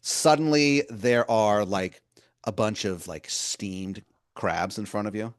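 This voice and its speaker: A man's voice: fairly low pitch, slow pace, clean tone. A man narrating an improvised tabletop story as game master, rambling with lots of filler words.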